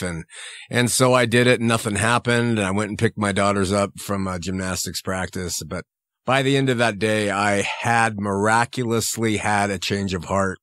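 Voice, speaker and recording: Middle-aged male guest, frank, low-pitched, dry studio sound. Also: moderate pace, dry recording. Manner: frank, relaxed. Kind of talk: casual interview talk.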